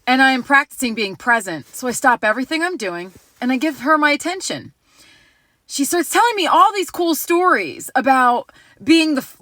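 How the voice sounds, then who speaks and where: A woman casually telling a personal story to camera, animated and laughing, acting out the voices of the people in it. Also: on the high side, dry recording.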